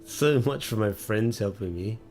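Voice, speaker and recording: A very low-pitched man talks through a game as he plays, in a wry, easygoing way. His chat is loose and full of fillers. A little music sits faintly underneath. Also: measured pace. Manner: wry, relaxed and chatty with frequent fillers. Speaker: let's play host. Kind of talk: casual gameplay commentary.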